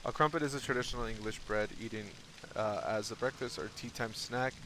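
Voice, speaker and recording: A man's voice: mid-range voice, steady tone, a little fast, bright, forceful tone, a little hiss or hum. A man streaming a game, chatting casually with his viewers, rambling and joking. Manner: rambling, joking, giggly, talks to chat. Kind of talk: casual live-stream chat while playing a game.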